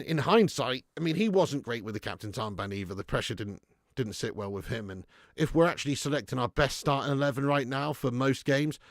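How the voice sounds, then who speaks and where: A man hosting a live football fan stream, chatting excitably, swearing freely and laughing as he reacts and thanks viewers for donations. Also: mid-range voice, vocal fry, no echo, studio quality. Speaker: football fan channel host.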